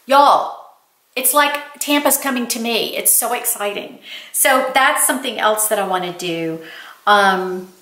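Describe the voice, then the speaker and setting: An older woman, a lifestyle vlogger, chats casually with her viewers and tells them stories, calling them "y'all." Her voice is fairly high and fairly bright, and she speaks at a measured pace. The recording has a roomy echo.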